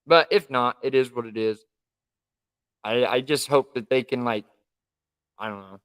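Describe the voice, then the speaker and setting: A man's voice: mid-range voice, measured pace, a bit bright, smooth. A man co-hosting a casual live stream from home, chatting in an easygoing, rambling way. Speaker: livestream co-host.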